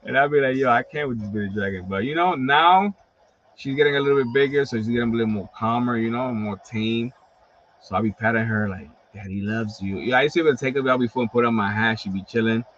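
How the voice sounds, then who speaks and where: A man's voice: medium pitch, fast, a little hiss or hum. Chatty man telling stories on a livestream. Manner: animated, profane storytelling with lots of fillers. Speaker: host of a wrestling collectibles livestream. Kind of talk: casual livestream chat. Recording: slightly dull lo-fi stream audio.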